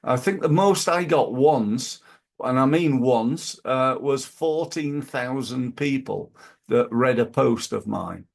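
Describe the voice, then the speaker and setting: A man's voice: medium pitch, animated, slow, creaky. A man talking casually about marketing as a business coach, rambling and acting out little scenes.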